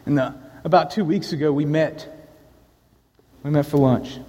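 A man gives an earnest sermon, slowing down to tell a personal story. His voice sits a little high but stays mellow and soft-edged. The sound rings with the long reverb of a large church hall. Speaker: preacher.

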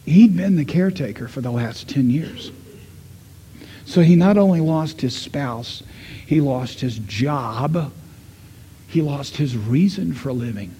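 A middle-aged man preaching a sermon, telling a story and voicing the people in it, swinging from loud to hushed. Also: medium pitch, expressive, slow pace, a little hiss or hum. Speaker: pastor.

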